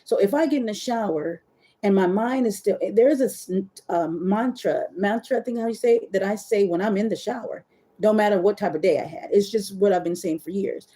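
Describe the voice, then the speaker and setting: A middle-aged woman hosting a casual live stream, chatty and animated, talking straight to her viewers and often stopping to correct herself. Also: mid-range voice, brisk, slightly rough. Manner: self-correcting, searches for words. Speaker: webcam model host.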